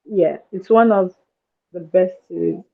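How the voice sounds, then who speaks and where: A woman co-hosting a book podcast, chatting casually and gushing with excitement. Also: lowish voice, a little slow, vocal fry, husky. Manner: excitable, gushing, breaks into screams. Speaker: podcast co-host. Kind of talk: casual chat. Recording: tinny phone-like line.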